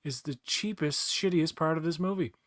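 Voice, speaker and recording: A man co-hosting a casual movie commentary, blunt and joking, breaking into quick silly voices. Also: a little high, fairly bright tone, no echo, clean studio sound. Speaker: podcast co-host.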